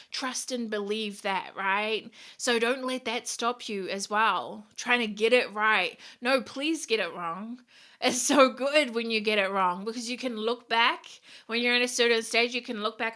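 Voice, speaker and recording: Bright-voiced woman, blunt and swearing. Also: on the high side. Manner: blunt, frequent swearing, upbeat and direct. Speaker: podcast host. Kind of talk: casual motivational podcast talk.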